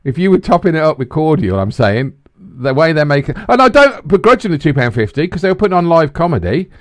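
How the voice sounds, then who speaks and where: Lively-pitched man in his forties. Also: fast, no echo, studio quality. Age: 40s. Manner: stumbling restarts, swings from low grumble to high. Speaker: podcast co-host. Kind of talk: casual banter.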